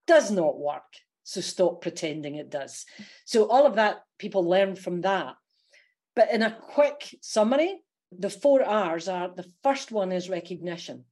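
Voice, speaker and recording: Lively Scottish woman, laughing coach. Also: on the low side. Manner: lively, laughs often while explaining. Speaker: coach and podcast guest. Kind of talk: casual podcast interview.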